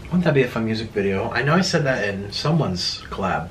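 Young man, eating-video host, rambling casual chat, mouth full, lively swooping pitch. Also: a little fast, a little hiss or hum. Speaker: mukbang host.

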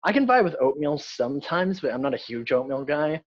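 Husky joking young Southern man. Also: on the high side, sing-song, a little fast, no room sound, dull audio. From American South. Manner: joking, irreverent, swears freely. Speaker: podcast co-host. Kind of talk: casual chat.

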